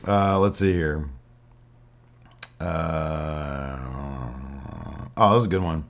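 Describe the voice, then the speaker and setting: A man with a very low voice talks in a loose, rambling way, full of fillers. He is a podcast co-host chatting casually. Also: slow pace. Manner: rambling, laid-back storytelling with fillers. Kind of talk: casual chat.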